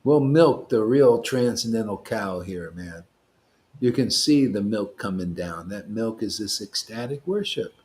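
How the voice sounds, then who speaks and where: A man preaching informally to a devotional group, animated and slangy, often tagging lines with "man". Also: on the low side, measured pace. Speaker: devotional teacher.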